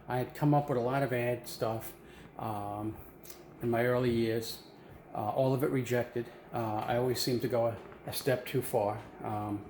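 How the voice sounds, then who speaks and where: A man's voice: mid-range voice, a little mellow. Rambling man in an echoey room. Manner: rambling, many fillers, self-deprecating. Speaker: comic monologue host. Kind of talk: rambling comedic storytelling. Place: at home. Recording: echoey room with faint noise.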